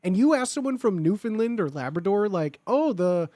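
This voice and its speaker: Rich: A young man streaming live, rambling excitedly to his viewers and swearing cheerfully along the way. His voice sits high and swings all over the place. The sound is close and dry, with no room around it. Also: a little fast, dry recording. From Chicago area, United States. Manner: excitable, rambling, lots of filler words and swearing. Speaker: livestreamer. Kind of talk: casual chat with viewers.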